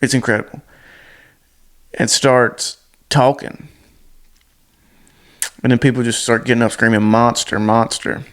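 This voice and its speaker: A man's voice: medium pitch, fairly even intonation, a little slow, long pauses. A man casually recapping a movie plot in a rambling, blunt and crude way, full of fillers.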